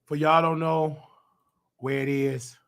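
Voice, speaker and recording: A man who is losing his voice, hosting his show with heated, indignant commentary and bursts of shouting. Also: on the high side, little pitch movement, slow pace, clear, resonant tone. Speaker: nursing aide and show host. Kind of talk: ranting commentary.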